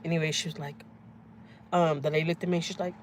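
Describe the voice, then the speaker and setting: A woman's voice: low-pitched, quick pace, a little hiss or hum. Blunt, foul-mouthed woman. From Houston, Texas. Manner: blunt, profane, animated storytelling. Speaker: family vlogger. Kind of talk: casual livestream storytelling. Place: in a truck with windows down. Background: vehicle and outdoor ambience.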